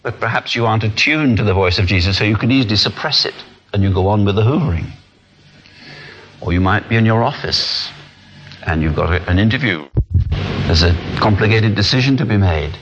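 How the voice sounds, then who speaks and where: A man's voice: on the low side, fairly quick, slight background noise. A man preaching a sermon in an earnest way, acting out the small voices people hear in their heads. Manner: earnest, animated, acts out inner voices. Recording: dull lo-fi sound.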